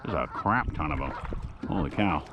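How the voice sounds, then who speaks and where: A man's voice: very deep voice, lively intonation, moderate pace, highs cut off, background noise. A middle-aged man chatting easily from a kayak on a lake, giving tips to viewers on an action camera. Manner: easygoing, chatty, jokey. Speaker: kayak vlogger. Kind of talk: casual outdoor vlog commentary.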